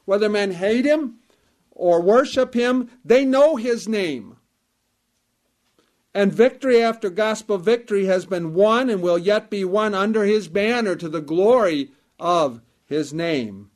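A man preaching a sermon in a measured, emphatic way, repeating key phrases for weight. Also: high-pitched, animated.

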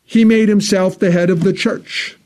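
A man preaching a sermon in a church, earnest, his voice swelling on key phrases and dropping low and slow for solemn parts. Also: steady tone, darkish tone. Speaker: pastor.

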